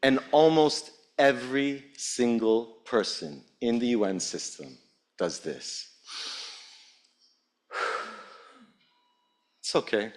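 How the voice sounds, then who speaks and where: A man speaking as a rapporteur at a conference, heartfelt and impassioned, with pauses between phrases. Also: mid-range voice, very animated. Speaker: UN special rapporteur giving a speech. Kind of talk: earnest public speech. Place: conference hall.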